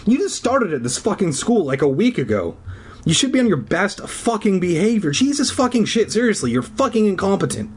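A man's voice: high voice, very animated, brisk, breathy edge, voice pushed up, exaggerated voice. A man voicing a furious, foul-mouthed female schoolteacher who scolds and swears nonstop. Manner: screaming, swearing constantly.

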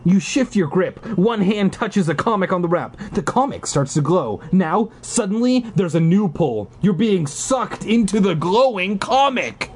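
A man reading a choose-your-path book aloud, animated, with sarcastic asides. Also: high voice, measured pace, hardly any pauses, breathy edge.

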